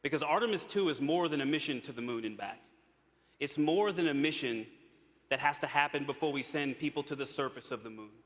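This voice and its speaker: A man's voice: fairly high pitch, expressive, fairly quick, a bit bright. A man, an astronaut, giving an upbeat, earnest public speech to an audience in a large hall. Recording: long hall reverb.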